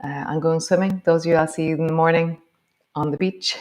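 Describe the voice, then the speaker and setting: A yoga teacher with a notably low, steady voice guides her class through each movement with slow, gentle cues. Afterward she chats easily with the students.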